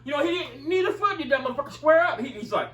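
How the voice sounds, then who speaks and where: A man's voice: extremely high pitch, lively intonation, quick pace, pushed and bright, echoey room, distant mic, low-quality recording. A man telling a heated, profane story in casual chat, recorded away from the mic in a room. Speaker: video commentator.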